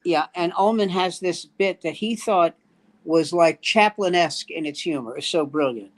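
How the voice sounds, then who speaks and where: A man's voice: a little high, moderate pace. Older male comedian telling a story. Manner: acts out quoted dialogue in the story. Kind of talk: storytelling in casual chat.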